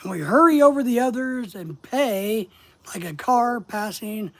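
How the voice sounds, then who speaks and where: A man's voice: extremely high pitch, expressive, measured pace. A man hosting a live stream, reading a book aloud and commenting on it, stressing key words in a reflective, emphatic way.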